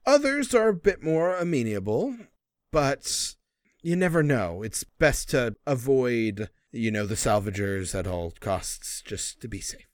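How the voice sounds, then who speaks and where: A man running a tabletop game who lays out each scene in a measured, descriptive way. His pitch moves in a lively, expressive way, and the sound is close and dry. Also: no room sound. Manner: descriptive, measured, at times drawn out. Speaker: game master.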